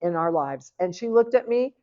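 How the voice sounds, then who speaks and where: A middle-aged woman giving a personal testimony at a church seminar, telling her story in a lively way and acting out the dialogue. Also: fairly low pitch, moderate pace. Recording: lo-fi, dull recording.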